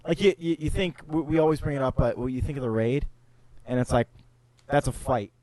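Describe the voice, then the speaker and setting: A man's voice: medium pitch, a little fast, darkish tone, no echo, low-quality recording. A man co-hosting a casual movie review podcast, laying out his argument at length. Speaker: podcast co-host.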